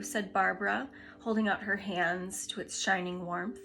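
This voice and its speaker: A woman reading a classic children's book aloud, gently and expressively. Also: medium pitch, steady tone, a little slow, creaky, faint music behind. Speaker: storybook reader.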